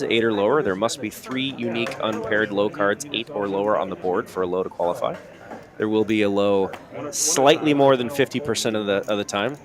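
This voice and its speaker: A man commentating on a live poker stream, explaining strategy in an analytical way. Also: on the low side. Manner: explanatory, analytical, with frequent restarts. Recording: loud crowd noise in background.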